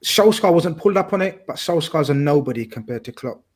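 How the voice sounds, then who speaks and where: A man's voice: a little high, expressive, fairly quick. A man talking football on a casual podcast, talkative and blunt, swearing casually. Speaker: podcast co-host.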